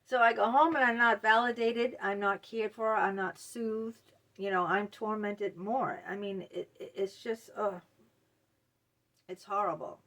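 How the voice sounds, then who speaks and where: A middle-aged woman speaks personally to her viewers in a candid, emotional way. She stops and restarts often, filling gaps with ums and you-knows. Her voice sits at an ordinary middle pitch. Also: steady tone, fairly bright tone. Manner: candid, emotional, halting with many fillers. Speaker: mental health video host. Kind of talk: personal talk to camera.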